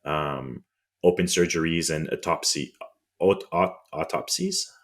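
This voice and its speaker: French-accented guy cohosting a podcast, super low voice, lots of ums and stumbles over long words. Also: measured pace. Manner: frequent ums, restarts on tricky words. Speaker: podcast co-host. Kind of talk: casual explanatory chat.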